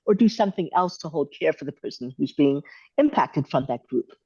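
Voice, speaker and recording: A woman hosting a live Q and A on a video call, answering questions in a thoughtful, measured, gently encouraging way. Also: deep voice, animated, husky, no echo, highs cut off. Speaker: host answering viewer questions. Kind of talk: live Q and A coaching.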